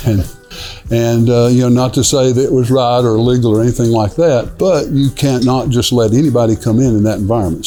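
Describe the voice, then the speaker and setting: A middle-aged man, a restaurant owner telling stories in a relaxed, rambling way with lots of fillers, inside a dim restaurant. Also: on the low side. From Newport, Tennessee. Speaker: restaurant owner, son of the founder. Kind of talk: casual storytelling interview.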